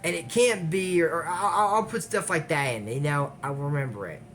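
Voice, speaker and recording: A man's voice: a little high, fairly quick, a bit bright, a little hiss or hum. Rambling, chatty man recapping a cartoon. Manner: chatty, digressive, trails off with fillers and self-conscious laughs. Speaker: YouTube recap host. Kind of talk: casual rambling episode recap.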